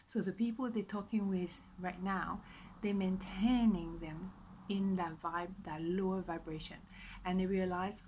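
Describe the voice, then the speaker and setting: A woman's voice: medium pitch, steady tone, unhurried, poor audio. A woman giving a general pick-a-card tarot reading in a chatty, repetitive way. She often drops her voice to a whisper. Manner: soft-spoken, often dropping to a whisper; chatty, repetitive, self-reassuring. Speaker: tarot reader.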